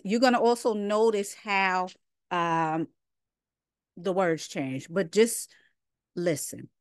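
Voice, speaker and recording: A woman's voice: medium pitch, no room sound, studio quality. A woman teaching a casual scripture lesson, reading verses aloud and then commenting directly to her listeners. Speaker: Bible study teacher.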